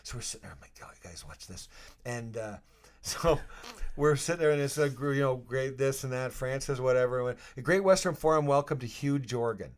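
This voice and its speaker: A man in his fifties, a retired hockey player guest, telling stories in a rambling, animated way and laughing as he acts out scenes. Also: medium pitch, fairly quick. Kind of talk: casual storytelling interview.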